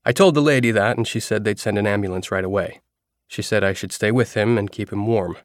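A man reading a novel aloud as a first-person narrator, in a steady storytelling manner. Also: fairly low pitch, a little fast, no room sound, clean studio sound. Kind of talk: audiobook narration.

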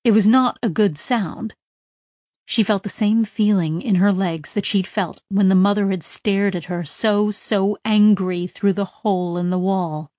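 A woman reads a story aloud at an unhurried pace, her voice at a middle pitch. She builds tension with urgent bursts. The recording is dry and close. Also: fairly even intonation, dark tone, no echo. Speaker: audiobook narrator. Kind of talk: scripted story narration.

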